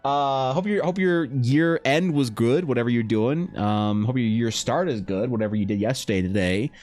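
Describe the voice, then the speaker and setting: Male streamer, drawing live, casual rambling profane banter, soft music behind him. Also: mid-range voice, normal speed. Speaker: livestreaming artist.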